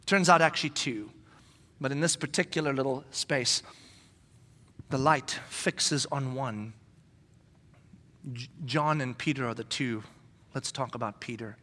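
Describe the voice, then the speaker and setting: Man preaching a sermon, high bright voice, animated storytelling, dropping to whispers, long reverb of a big hall. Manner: animated storytelling, swinging from loud to hushed whispers. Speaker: pastor.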